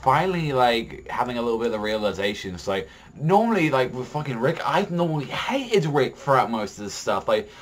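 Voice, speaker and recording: A man's voice: medium pitch, big pitch swings, fairly quick, few pauses, slight background noise. A young man casually reviewing a TV episode on his vlog, swearing constantly and rambling with heated opinions and lots of fillers. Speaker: TV show reviewer.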